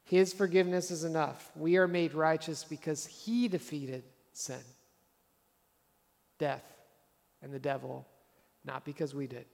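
A man's voice: on the high side, fairly even intonation, slow, gravelly, long pauses, long reverb tail. A man preaching a sermon as a pastor, conversational and earnest, driving points home with repeated phrases.

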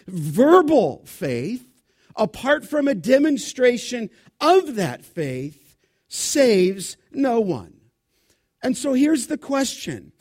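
A middle-aged male pastor preaching an expository sermon, emphatic and slowing down to stress key words. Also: high voice.

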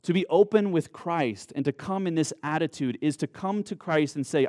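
A man preaching a sermon in an earnest way, drawing out key words in slow, emphatic phrases. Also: fairly high pitch, darkish tone, no echo, studio quality. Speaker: pastor.

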